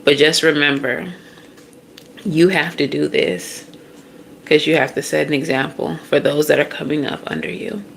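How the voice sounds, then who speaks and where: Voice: mid-range voice, fairly even intonation, normal speed, gravelly, a bit bright, slight background noise. A tarot reader giving a casual, blunt, profane reading straight to the listener.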